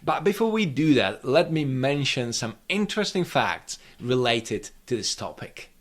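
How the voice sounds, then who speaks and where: A man who speaks as his gives a pronunciation lesson at an unhurried pace. He breaks sounds into pieces and repeats them slowly, with a mid-range pitch and a dry, understated sense of humor. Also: very animated. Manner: demonstrates sounds by slow repetition, dry humor. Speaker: Czech language teacher.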